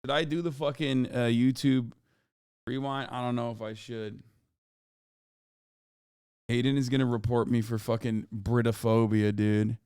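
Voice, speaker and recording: Smooth-voiced, profane male streamer. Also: mid-range voice, steady tone, unhurried, long pauses, a little mellow, no room sound, studio quality. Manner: profane, incredulous, off-the-cuff. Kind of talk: casual live-stream reaction.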